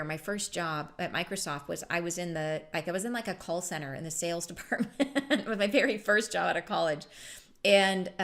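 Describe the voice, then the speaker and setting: A woman spiritual teacher giving a relaxed, reflective talk with a chatty, often laughing manner. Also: fairly low pitch.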